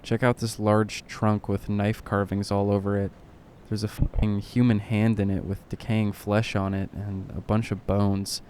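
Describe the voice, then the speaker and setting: A man narrating horror stories in a deadpan way, with occasional dry asides. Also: lowish voice, unhurried, slight background noise. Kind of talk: reading horror stories aloud.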